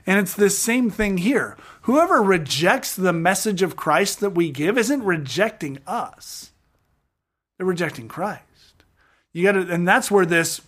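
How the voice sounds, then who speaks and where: Jokey middle-aged man, higher voice. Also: unhurried. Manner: jokey, animated, slangy retelling of scripture. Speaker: podcast host. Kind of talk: casual Bible study chat.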